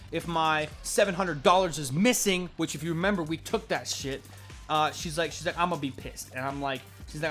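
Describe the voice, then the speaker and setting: Young man, bright and a bit high-pitched, goofy improvised gameplay storytelling, swears a lot, faint music under him. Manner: silly, profane, acting out both sides of a made-up dialogue. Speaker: gameplay commentator. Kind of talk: rambling improvised game narration.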